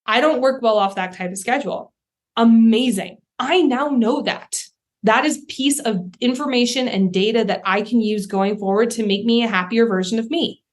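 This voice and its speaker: A woman's voice: on the high side, normal speed. A young adult woman hosting her own podcast, talking casually and candidly, often acting out her own thoughts as quoted asides. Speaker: podcast host, life coach. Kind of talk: casual solo podcast talk.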